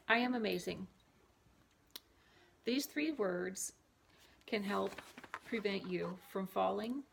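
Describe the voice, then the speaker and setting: The camera mic catches a faint hiss or hum under this woman's gravelly, medium-pitched voice. She's a vlogger reading self-help affirmations aloud and repeating them before wandering off into loose, chatty asides.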